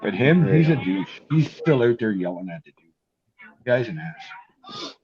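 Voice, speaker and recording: A man chatting casually on a video call, telling animated stories and swearing casually. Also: medium pitch, measured pace, a crowd in the background. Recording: muffled lo-fi call audio.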